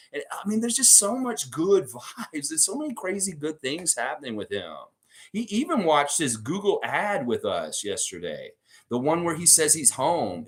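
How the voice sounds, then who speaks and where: A man hosting a casual sports fan show, telling stories in an excitable, rambling way. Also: high voice. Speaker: sports podcast host.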